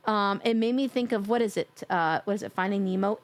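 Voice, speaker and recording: A woman's voice: mid-range voice, brisk. A woman streamer chatting casually while playing, scattered and swearing freely as she thanks her viewers. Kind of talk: casual live gameplay chat.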